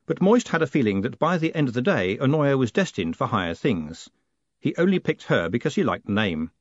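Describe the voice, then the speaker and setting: A man narrating an audiobook in an expressive, wry, dramatic reading, recorded dry and slightly muffled. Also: mid-range voice, dry recording.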